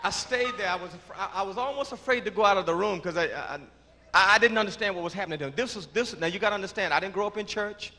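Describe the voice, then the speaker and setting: A man giving his church testimony, halting and repeating words, then rising into shouts of praise. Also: sits high, soft background music. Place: large church before a congregation. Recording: reverberant church hall with congregation.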